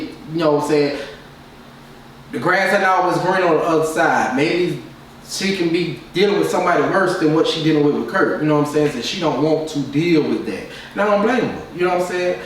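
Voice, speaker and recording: A man casually giving his opinions as a reality TV reviewer, in a loose, repetitive way with lots of filler phrases. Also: on the high side. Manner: loose, repetitive, keeps saying "you know what I'm saying". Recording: very echoey room, distant mic, faint noise.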